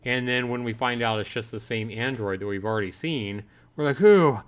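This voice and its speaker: Streamer, male, mid-pitched voice, reads game text and riffs to viewers, jumps higher when he acts out reactions. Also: fairly quick, clean tone. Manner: animated, voices his own reactions in a higher, louder pitch. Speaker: streamer playing a visual novel. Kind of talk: livestream commentary, reading game text aloud.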